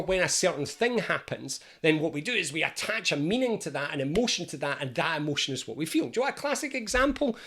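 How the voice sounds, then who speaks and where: A middle-aged man, an anxiety coach explaining things to camera in an animated, jokey, conversational way. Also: fairly high pitch. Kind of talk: educational talk to camera.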